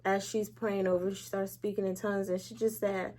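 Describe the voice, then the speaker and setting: A woman's voice: medium pitch, level tone, normal speed, few pauses, a little mellow. A woman speaking as an interview guest, giving a candid faith testimony, acting out what others said and laughing lightly between serious words. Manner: candid and emotional, acts out quoted speech. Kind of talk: personal faith testimony in conversation.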